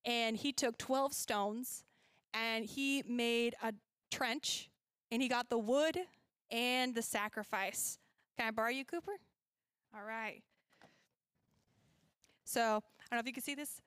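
Woman children's church teacher, fairly high and smooth, chatty and laughing, dry close sound. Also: slow pace, pauses often, a bit bright, no echo. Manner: chatty, laughs often, self-correcting. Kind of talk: casual Bible lesson with props.

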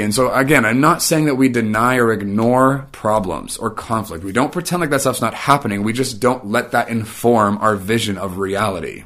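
A man with a somewhat low voice talks about faith in a loose, conversational way, full of casual fillers. He builds to raised, animated runs, then sinks to quiet, low-pitched statements. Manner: casual, filler-heavy phrasing. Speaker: Christian teacher. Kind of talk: faith-based monologue.

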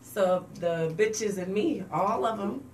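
A woman's voice: medium pitch, slow. A woman co-hosting a casual chat, chiming in with laughter and defensive interjections. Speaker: co-host. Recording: roomy echo, distant mic, clear noise.

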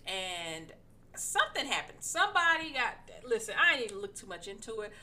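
Female podcast host, casual sports chatter, bright lively voice. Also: medium pitch, a little fast. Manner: animated, slangy, playfully incredulous.

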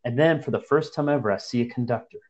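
A man's voice: medium pitch, fast, muffled recording. A young man casually telling a story to friends, profane and slangy, acting out the people he describes. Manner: profane, slangy, animated retelling.

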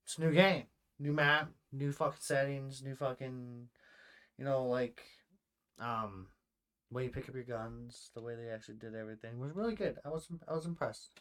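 A young man co-hosting a casual podcast, swearing freely and telling stories with rising excitement. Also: mid-range voice, normal speed. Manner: profane, animated storytelling, swears often. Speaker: podcast co-host and streamer.

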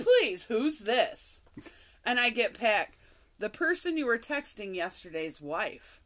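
A woman co-hosting a podcast, telling a story in a casual, animated way, swearing and laughing often. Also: fairly high pitch. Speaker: podcast co-host.

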